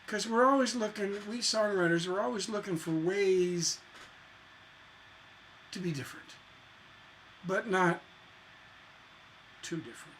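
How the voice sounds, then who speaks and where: A man teaching songwriting in a relaxed, chatty way, playing guitar and humming bits of melody as he explains. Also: high voice, a little slow, pauses often, a little hiss or hum. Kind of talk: casual music lesson with guitar. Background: acoustic guitar.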